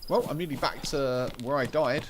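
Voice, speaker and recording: A man's voice: medium pitch, moderate pace, background noise. A British man giving rambling, chatty commentary while streaming a live game, often repeating and restarting his phrases. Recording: loud game sounds behind voice.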